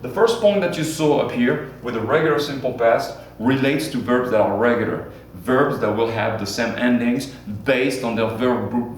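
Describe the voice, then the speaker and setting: A man teaching a Spanish grammar lesson at the board, repeating key points and drilling forms for students to repeat. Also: medium pitch. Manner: repetitive, drills students with call-and-response. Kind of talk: classroom lesson at a whiteboard. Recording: very echoey room, distant mic, faint hum.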